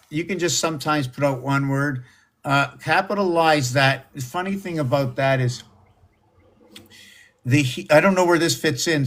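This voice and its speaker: Excitable man rambling on a live stream. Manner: slips into a squeaky high falsetto and back; excitable, exclaims and gasps. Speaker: livestream host.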